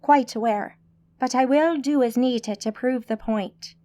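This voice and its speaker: A woman narrator voicing a calm, formal, centuries-old female mage, in an audiobook. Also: on the high side, measured pace, natural voice. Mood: composed.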